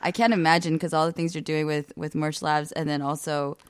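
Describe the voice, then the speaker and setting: A woman co-hosting a podcast while sick, a bit husky, teasing and laughing often in casual chat. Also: low voice, flat delivery, a little fast, no room sound, clean studio sound. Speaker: podcast co-host.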